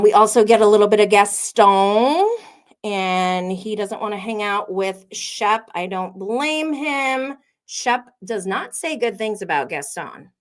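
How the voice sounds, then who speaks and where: Chatty opinionated American woman host. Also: medium pitch. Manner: chatty, opinionated, frequent "like" fillers and laughs. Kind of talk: casual reality TV recap.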